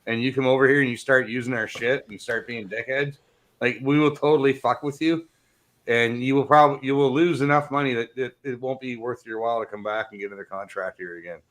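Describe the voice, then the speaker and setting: A man's voice: mid-range voice, fairly even intonation, a little fast, a bit bright. Blunt, profane man from Ontario. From Ontario, Canada. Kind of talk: casual chat.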